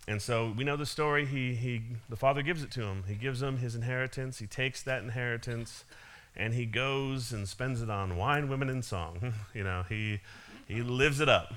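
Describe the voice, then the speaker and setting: A man's voice: medium pitch, moderate pace, bright, forceful tone. A man giving a casual sermon, retelling a parable with frequent small laughs and restarts. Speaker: preacher.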